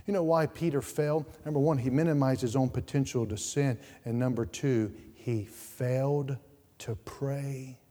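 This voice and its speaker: A male pastor preaching a sermon in a church, repeating words and swinging from quiet asides to loud outbursts. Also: medium pitch, steady tone, a little fast, few pauses. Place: church sanctuary. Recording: reverberant church hall.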